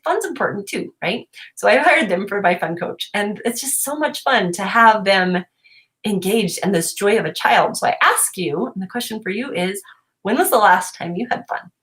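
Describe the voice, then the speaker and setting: A woman in her thirties, a homeschooling mom, telling a funny family story on a casual livestream from home, laughing often as she goes. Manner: animated, laughing, voices her kids in high pitch. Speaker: mom vlogger.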